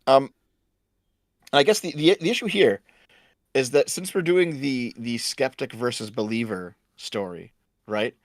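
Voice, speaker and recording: Casting: mid-pitched male, relaxed explainer, close dry mic. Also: unhurried, long pauses, no room sound. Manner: explanatory, loose, swears casually. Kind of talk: casual movie discussion.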